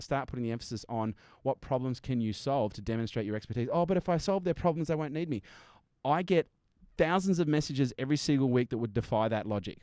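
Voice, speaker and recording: The studio recording is dry and clean as a male business strategist, mid-range and darkish in tone, appears on an energetic podcast. He makes his points bluntly and emphatically, swearing now and then and playing out customer scenarios.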